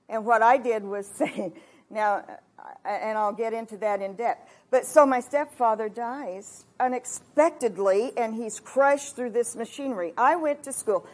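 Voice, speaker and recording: A woman in her sixties from Kansas giving a heartfelt testimony sermon at a retreat, moving between hushed and emphatic delivery. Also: fairly high pitch. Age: 60s. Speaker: retreat speaker.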